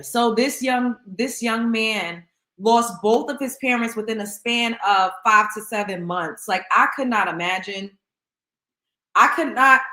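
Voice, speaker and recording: A woman's voice: medium pitch, fairly bright tone. A woman hosting a casual livestream chat, talking with her viewers and greeting them by name. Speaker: host. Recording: echoey room.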